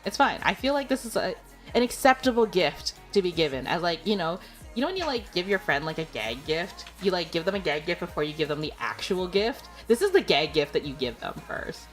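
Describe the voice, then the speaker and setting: A woman's voice: lowish voice, very animated, brisk, soft background music. A woman streamer chatting casually with viewers, giggling often and filling her talk with "like" and "you know.". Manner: chatty and giggly, full of filler words. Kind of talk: casual chat.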